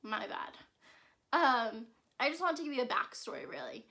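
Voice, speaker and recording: A woman's voice: a little high, animated, normal speed, pushed and bright. A young woman hosting a self-care vlog, talking casually and earnestly to her viewers and often asking "right?". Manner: chatty and earnest, frequent "right?" and "um". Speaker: self-care podcast host. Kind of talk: casual solo vlog talk.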